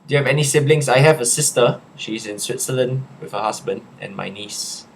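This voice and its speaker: A young Singaporean man in a casual live chat, reading viewers' questions aloud and answering them in a relaxed, chatty way. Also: mid-range voice, fairly quick, gravelly, slight background noise.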